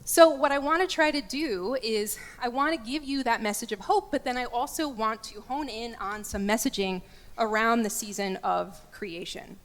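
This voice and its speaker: A woman giving a candid, lively lecture as a guest speaker, joking with her audience. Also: fairly high pitch, moderate pace. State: getting choked up. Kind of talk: lecture talk. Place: large church. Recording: echoey church hall.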